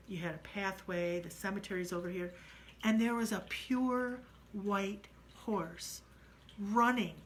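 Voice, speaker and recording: A woman's voice: mid-range voice, a little hiss or hum, low-quality recording. Woman telling a dramatic ghost story. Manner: dramatic, shifts between hushed and loud.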